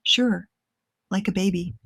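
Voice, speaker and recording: A worn-out young woman speaks quietly, with a dry wry edge, as the woman reading puts her voice on lightly. Her lines sound close and dry, with no echo. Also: mid-range voice, a little slow, vocal fry, slightly rough, exaggerated voice. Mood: weary. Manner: quiet and tired. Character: young woman, weary and shaken but wry.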